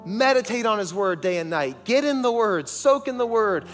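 A man's voice: sits high, expressive, normal speed, a bit bright, in a large hall, soft background music. A man preaching a sermon as pastor, emphatic and calling on the congregation for responses, in a large church sanctuary.

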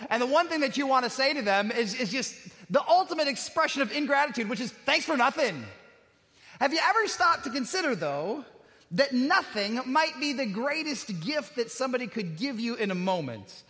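A man preaches in a conversational way, weaving personal anecdotes and self-deprecating humor into his message. His voice sits unusually high and has a bright, forceful edge. The sound carries a long hall reverb. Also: sing-song, a little fast. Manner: conversational, self-deprecating storytelling with rhetorical questions. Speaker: pastor. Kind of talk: sermon with personal stories.

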